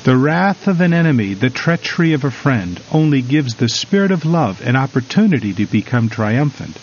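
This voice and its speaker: A man reading a devotional story and reflection in a measured, solemn manner with drawn-out emphasis. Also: mid-range voice, big pitch swings, a little hiss or hum. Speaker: devotional reader. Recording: slightly dull recording over faint music.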